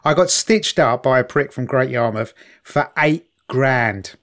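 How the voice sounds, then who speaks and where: A man's voice: mid-range voice, expressive, unhurried, a bit bright. A man in casual podcast banter, blunt and crude with jokey asides. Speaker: podcast co-host. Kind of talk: casual chat.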